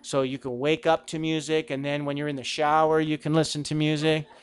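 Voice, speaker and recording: A man's voice: on the high side, little pitch movement, fairly quick, smooth. A middle-aged man giving a conversational talk on Christian vocation, asking rhetorical questions. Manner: acts out quoted lines with a raised voice. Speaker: Catholic speaker.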